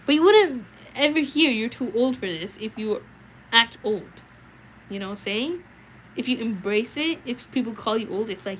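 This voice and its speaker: A young adult woman streaming a read-aloud, chatting casually with viewers in an animated, filler-heavy way. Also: a little high, moderate pace, a little hiss or hum, poor audio.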